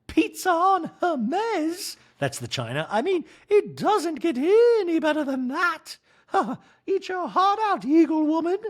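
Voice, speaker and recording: A man voicing a gushing, shrill woman reality star who talks in a sing-song, syrupy way. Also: sing-song, takes it slowly, exaggerated voice. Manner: sing-song and syrupy, calls people darling.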